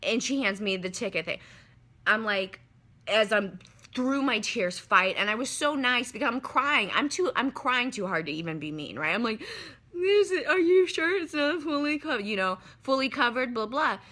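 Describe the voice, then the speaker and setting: A young woman with a bright, clear voice tells her story to livestream viewers in casual chat. She swears freely and keeps turning to her audience. She speaks into a phone held close in a hotel room. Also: mid-range voice, normal speed. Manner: animated, swearing, talks straight to viewers as "y'all". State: upset after crying. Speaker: livestreamer telling a travel story.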